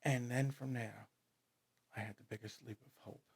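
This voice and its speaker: Gravelly New York man telling stories. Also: medium pitch, moderate pace. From New York City. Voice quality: gravelly, husky. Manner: animated, rambling storyteller who speeds up and gets loud when excited. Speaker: guest author. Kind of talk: storytelling in an interview. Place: studio.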